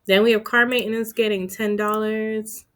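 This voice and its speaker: Speaking at a moderate pace with a fairly high pitch, a flat delivery, and a fairly bright tone, a budgeting vlogger casually talks viewers through her finances. She keeps it chatty and playful, with asides to herself, over slight background noise.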